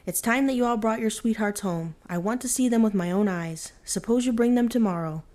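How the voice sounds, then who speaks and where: A woman voicing a gentle, fair-minded old farmer speaking to his sons in a bedtime storybook reading, in a measured, fatherly way. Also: fairly high pitch, lightly acted.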